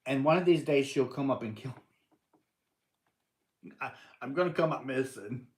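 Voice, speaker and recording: A man's voice: mid-range voice, moderate pace, darkish tone. An older man hosting a casual live stream, answering viewers and teasing them playfully, often laughing. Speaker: livestream host.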